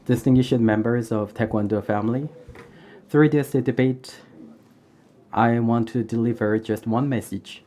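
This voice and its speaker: A man giving a live English interpretation of a formal debate, pausing often with "uh". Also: medium pitch, steady tone, warm tone, a little hiss or hum. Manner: halting, with frequent "uh" pauses.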